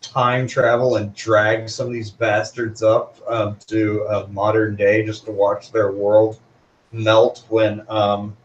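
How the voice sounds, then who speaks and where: A man's voice: on the low side, flat delivery, slow. A man in casual chat making wry, pedantic remarks. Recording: distant, muffled, roomy mic.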